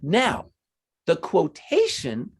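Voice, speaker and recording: A man's voice: on the high side, huge pitch swings, extremely slow, breathy edge. A man teaching math to children, patient and encouraging as he explains each step. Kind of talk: online class teaching.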